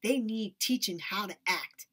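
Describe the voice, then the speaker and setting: A woman reading aloud and voicing a gruff, bullying lumber boss who barks orders in a raised, high voice. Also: measured pace. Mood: dismissive. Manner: loud, barking orders.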